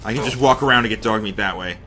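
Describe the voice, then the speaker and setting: A man giving casual commentary while playing a game, talking to himself and to the characters, sometimes slipping into a mock accent or a hushed murmur. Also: fairly low pitch, fast talker, noisy background. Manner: talks to himself and the game characters, rambling and reactive; slips into a mock accent, drops to a hushed murmur when sneaking. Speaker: let's play gamer.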